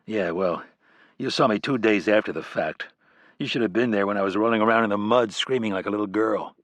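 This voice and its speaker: A hardened, watchful operative, as a male audiobook narrator plays him, talks in short, clipped lines. His voice sits low and is recorded dry and close, with no room sound. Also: brisk, fairly bright tone, dry recording, close to an everyday voice. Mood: terse. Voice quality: terse, clipped replies.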